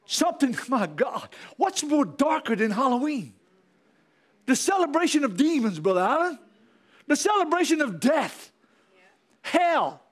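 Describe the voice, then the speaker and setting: A man preaching a fiery sermon as pastor, repeating himself and calling out to the congregation. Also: very high-pitched.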